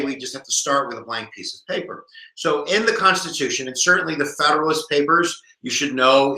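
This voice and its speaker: A lively American man in his forties runs a live history review stream, his voice bright and bouncing up and down in pitch. He jokes and talks straight to his viewers, and the room behind him rings with echo. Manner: animated, jokey, talks to viewers. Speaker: history teacher.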